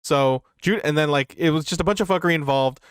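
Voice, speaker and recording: A man's voice: a little high, fast talker, clear, resonant tone, dry recording, clean studio sound. A man co-hosting a wrestling review podcast, recapping matches in a rambling, profane, casual way. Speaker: podcast co-host.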